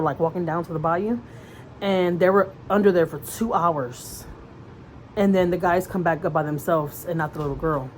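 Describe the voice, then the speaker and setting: Low-voiced woman vlogger, rambling and earnest. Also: slight background noise, rough recording. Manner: rambling, full of fillers and restarts; earnest, conversational retelling. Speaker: mother vlogger. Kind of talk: casual storytelling chat.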